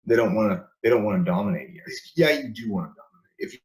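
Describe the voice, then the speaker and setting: A man's voice: lowish voice, lively intonation, fast, rough recording. A man talking as a guest in a casual interview, emphatic, repeating and restarting his words, laughing between points.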